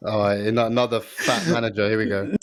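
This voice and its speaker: A man co-hosting a casual podcast with his brother, excitable and quick to exclaim. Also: fairly low pitch. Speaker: podcast co-host. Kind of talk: casual chat between brothers.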